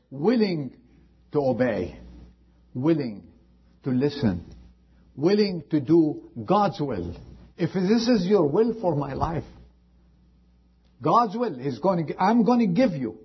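A man preaching a sermon as pastor, impassioned, rising high and then dropping to a hush. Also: slightly rough, highs cut off. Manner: impassioned preaching with sudden drops to quiet.

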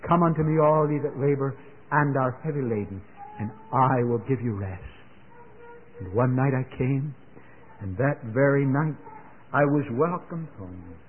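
Older male radio preacher, earnest to fervent, mid-pitched, tinny lo-fi broadcast. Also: unhurried, slight background noise. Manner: earnest, building to fervent exclamations. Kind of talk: sermon.

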